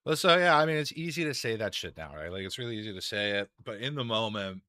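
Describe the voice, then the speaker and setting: A man's voice: on the low side, lively intonation, fast talker, sharp tone, clear, resonant tone, dry recording. A young man chatting casually while he streams a game, rambling and swearing, laughing often between thoughts. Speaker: gaming streamer. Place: home room.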